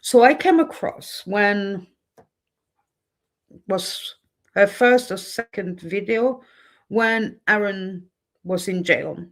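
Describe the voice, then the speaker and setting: A woman's voice: medium pitch, lively intonation, slow pace, pauses often. A woman hosting her own channel in a candid livestream monologue, speaking bluntly and getting heated and indignant about what she sees. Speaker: channel host.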